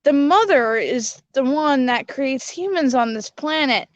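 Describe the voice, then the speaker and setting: A woman with a high, lively voice talks slowly as she hosts her own video. She explains patiently and then scolds in a corrective way. The sound is dry and close-miked. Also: dull audio. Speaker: host presenting her kindness platform. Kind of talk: casual skit and explanation.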